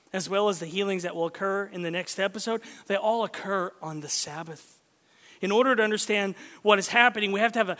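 High-voiced pastor preaching in a hall. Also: male voice. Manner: swings from loud to hushed whispers for emphasis; self-deprecating, conversational preaching. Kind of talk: sermon. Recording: long hall reverb.

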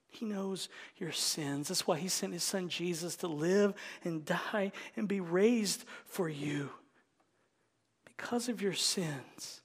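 A middle-aged pastor preaching with a high-pitched voice. He swings from loud, fervent emphasis down to hushed, near-whispered tenderness. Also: breathy edge. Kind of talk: sermon.

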